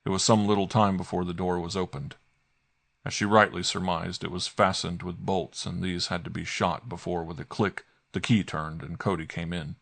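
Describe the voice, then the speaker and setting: A man reads a mystery audiobook in an even, measured manner. His very low voice carries a gravelly edge. The sound is close and completely dry. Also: no room sound. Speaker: audiobook narrator. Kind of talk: scripted narration.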